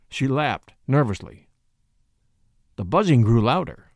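An expressive male narrator reading a suspense story, his pitch swinging widely from phrase to phrase. The voice is slightly high for a man and the recording is dry and close. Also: normal speed, dry recording. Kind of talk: audiobook reading.

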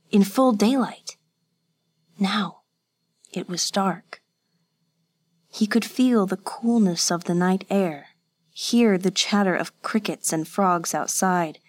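This is scripted audiobook narration by a woman with a medium-pitched voice. Her storytelling is measured and even.

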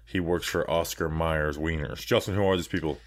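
A man's voice: a bass voice, fairly even intonation, fairly quick, no echo. A man co-hosting a casual sports podcast, joking and riffing while he reads through a list of names. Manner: jokey, riffs on names while reading a list. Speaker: podcast co-host.

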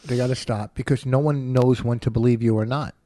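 A man's voice: mid-range voice, fairly even intonation, a little fast, dark tone, dry recording. A man in his fifties co-hosting a podcast, bickering casually with his wife and needling her with a laugh. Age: 50s. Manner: teasing, needling, laughs often. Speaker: podcast co-host.

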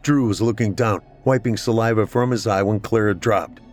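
A man narrating a scripted horror story in a steady, measured way. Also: lowish voice, soft background music.

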